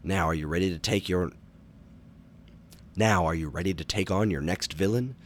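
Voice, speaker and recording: A man's voice: deep voice, moderate pace, slight background noise, lightly acted. A man voicing a frantic older male scientist who mentors the hero, calling out urgently in a storybook reading. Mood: reassuring.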